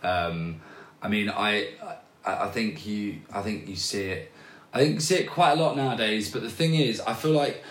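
Low-voiced man talking haltingly in echoey room. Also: fairly bright tone. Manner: hesitant, with many restarts and fillers. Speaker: podcast guest, DJ. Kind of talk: casual conversational interview. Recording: roomy echo.

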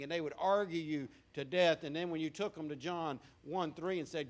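A man's voice: fairly high pitch, brisk, hardly any pauses. A male pastor preaching a sermon in a church, asking the congregation questions and repeating words for emphasis. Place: church sanctuary.

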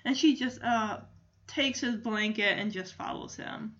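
A chatty, opinionated woman with a high voice casually retelling a cartoon special. She talks with lots of fillers and asides. The recording is dull and lo-fi. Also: measured pace, fairly bright tone. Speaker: commentator.

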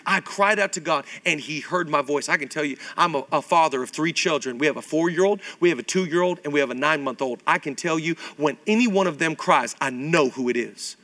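Bright-voiced, high-pitched preaching man. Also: fairly quick. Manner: animated preaching, rhetorical questions to the crowd. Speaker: pastor. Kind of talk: sermon. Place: church stage.

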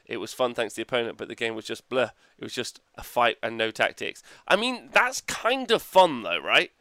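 A man's voice: mid-range voice, very animated, a little fast, bright, forceful tone, dry recording. A man co-hosting a podcast in casual chat, enthusiastic and rambling, laughing often and swearing casually. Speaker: podcast co-host.

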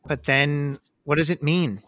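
A man co-hosting a podcast, talking in an animated, conversational way with many restarts. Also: a little high, measured pace. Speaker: podcast co-host.

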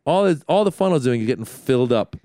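A man hosting a podcast, telling a story in an animated, self-deprecating way. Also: medium pitch, fast talker, dry recording, studio quality. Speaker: podcast host. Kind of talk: casual chat.

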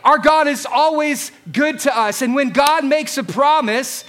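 Male pastor, very high bright voice, playful sermon delivery in a church. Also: a little slow. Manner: lively, joking with the congregation. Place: church hall. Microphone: handheld microphone.

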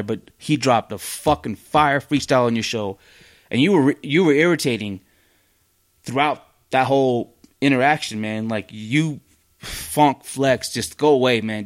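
A man's voice: medium pitch, normal speed. A man hosting a podcast, delivering a blunt, heated, profane rant in casual commentary with many fillers and restarts. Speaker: podcast host.

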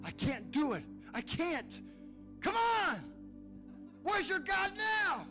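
Guy putting on a loud mocking giant, yelling way up high over music. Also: big pitch swings, a little slow, full character voice. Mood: taunting. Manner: loud jeering shouts. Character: taunting male giant, mocking bully.

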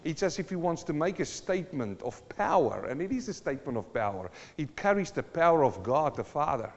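Man, pastor, sermon, fervent, quiet-to-loud swings, slightly high voice, long church-hall echo. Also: big pitch swings, fairly quick, muffled recording. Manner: impassioned, swings between low earnest talk and loud declarations.

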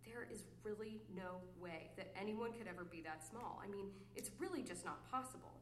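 A woman reads her poetry live to an audience at a reading series venue, alternating between cooing, mock-flirty asides and exasperated mutters. Her voice is mid-range and paced at normal speed, with roomy acoustics and a little background noise.

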